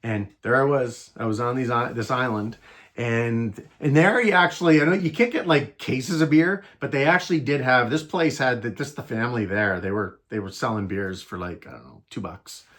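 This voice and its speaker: A man casually telling a travel story, rambling and animated, with many restarts and fillers. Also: medium pitch, normal speed. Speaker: travel vlogger.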